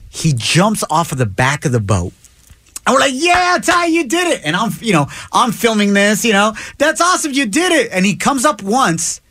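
Man, radio host, high voice, slangy casual storytelling, dry studio. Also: fairly bright tone, dry recording. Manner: laid-back, slangy storytelling. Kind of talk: casual morning radio banter.

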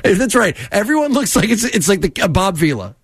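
A man's voice: high-pitched, sing-song, fairly quick, husky, dry recording, clean studio sound. A man co-hosting a sports radio show, riffing chattily with plenty of fillers. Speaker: radio co-host. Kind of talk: casual sports radio banter.

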